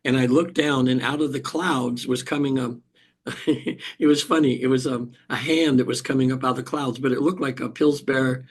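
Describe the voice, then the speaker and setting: An older man with a husky, breathy voice recounts a personal experience as an interview guest. He speaks in a middle register, stopping and restarting often and clearing his throat between thoughts. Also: mid-range voice, fairly even intonation, normal speed. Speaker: hypnotherapist guest. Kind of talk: emotional personal storytelling in an interview.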